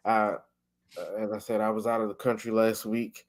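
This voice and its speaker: A man's voice: lowish voice, completely flat delivery, normal speed. A young man hosting a podcast, chatting casually and acting out his own thoughts as quotes. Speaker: podcast host. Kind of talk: casual chat.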